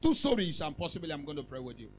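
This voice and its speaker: A male pastor with a Nigerian accent preaching loudly, mixing in pidgin asides and calling out to the congregation. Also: fairly high pitch, sing-song, quick pace, rough recording. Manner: shouting, call-and-response preaching with pidgin asides. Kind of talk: preaching sermon.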